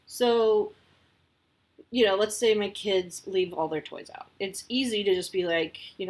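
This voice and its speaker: Casting: breathy woman in her thirties, casual podcast host, rambling and friendly. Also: medium pitch, a little slow. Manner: chatty, lots of likes and you-knows. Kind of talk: casual advice talk.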